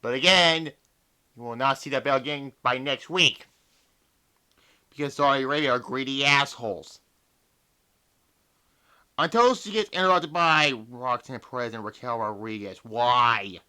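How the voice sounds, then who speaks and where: A man's voice: mid-range voice, measured pace, long pauses, bright, forceful tone, smooth. A young man reviewing a wrestling show in a casual, exasperated rant full of swearing. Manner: profane, exasperated ranting.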